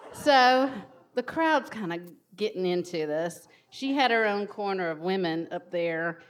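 A woman telling a funny personal story to an audience, lively and laughing often. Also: mid-range voice, slight background noise.

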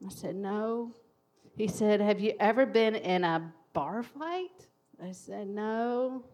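Woman, storyteller, animated, higher-pitched, laughs between lines. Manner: lively, laughs often while telling. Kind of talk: personal story told to an audience.

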